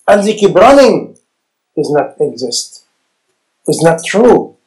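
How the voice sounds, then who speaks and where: A man preaching a sermon, animated and rising to shouts, firing rhetorical questions at his audience. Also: sits high, normal speed, long pauses, low-quality recording. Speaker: Islamic preacher.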